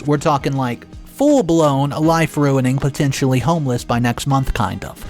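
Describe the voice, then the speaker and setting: A man narrating a dramatic first-person story in a sarcastic, exasperated and animated way. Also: a little high, normal speed, few pauses, soft background music.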